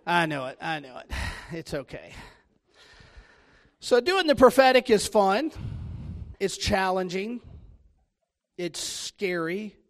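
A man's voice: high-pitched, sing-song, slow, long pauses. Joking Southern preacher, man. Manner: joking, self-deprecating storytelling. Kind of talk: sermon.

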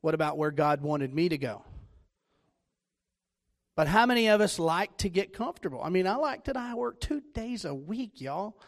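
Southern guy preaching, jokey and self-deprecating, kinda high-pitched. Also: expressive, normal speed. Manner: joking, self-deprecating storytelling. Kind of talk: sermon.

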